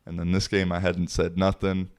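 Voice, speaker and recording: A man's voice: low-pitched, completely flat delivery, normal speed, darkish tone, clear, resonant tone, dry recording, clean studio sound. A man, hosting a casual podcast and telling a rambling story with swearing and laughs. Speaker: podcast host. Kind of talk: casual solo podcast talk.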